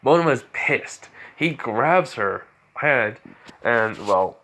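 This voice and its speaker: A man casually retelling a fan-made story, with a middle-pitched voice. He rambles and fills every pause with fillers. His delivery is loose and unscripted. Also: lively intonation, bright, forceful tone.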